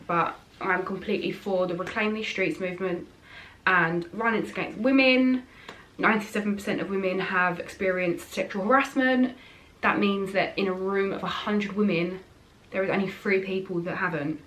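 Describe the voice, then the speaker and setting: A woman's voice: medium pitch, steady tone, moderate pace, fairly bright tone, far from the mic. A woman chatting frankly and casually while doing her makeup, rambling with fillers. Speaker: beauty vlogger.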